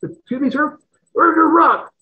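A man voicing a gruff male Army battalion commander with a Southern accent, barking curt orders. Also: extremely high pitch, animated, measured pace, voice pushed up. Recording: tinny phone-like line.

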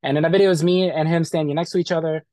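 A man's voice: fairly high pitch, steady tone, very fast, warm tone, no room sound, clean studio sound. A man being interviewed, bluntly retelling a bad experience in casual, profane talk full of quoted back-and-forth.

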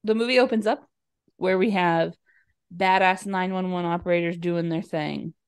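A woman's voice: lowish voice, fairly even intonation, normal speed, clean tone. A young adult woman co-hosting a podcast, giving a chatty, giggly movie recap and briefly acting out the characters' lines. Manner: chatty, giggly, dips into quoted voices. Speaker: podcast co-host. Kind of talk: casual movie recap chat.

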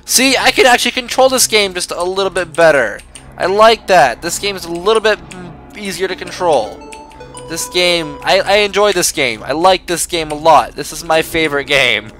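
A man's voice: high-pitched, lively intonation, normal speed, fairly bright tone, faint music behind. A young man giving sarcastic, joking let's play commentary as a gaming YouTuber.

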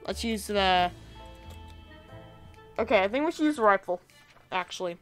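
A woman with a raspy, hoarse voice from being sick, giving chatty let's-play commentary, thinking aloud and bursting into excited cheers. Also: mid-range voice, moderate pace, soft background music. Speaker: gaming video creator.

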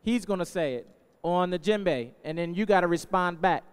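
A man, a musician, warming up a crowd with call-and-response chants, energetic and playful as he hypes them up. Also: sits high, normal speed, clean tone. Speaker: musician leading the audience. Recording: long hall reverb.

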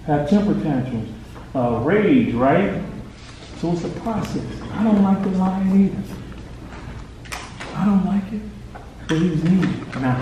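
A man's voice: fairly high pitch, mellow, muffled recording. A man coaching a boy in a hands-on faith session, urgent and encouraging, pushing him on with short commands. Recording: echoey room, distant mic, noisy.

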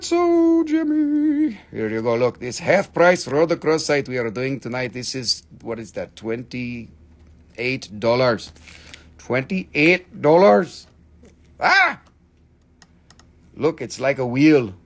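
A man hosting a live sales stream, excitable and theatrical, swearing freely as he gushes over the goods. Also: medium pitch, gravelly. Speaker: live-stream seller, host.

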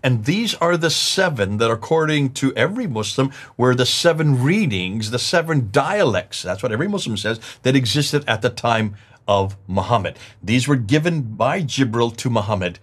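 A middle-aged man with a mid-range voice lectures on manuscript history at a moderate pace. He's animated and emphatic, repeating key words and explaining points through examples.

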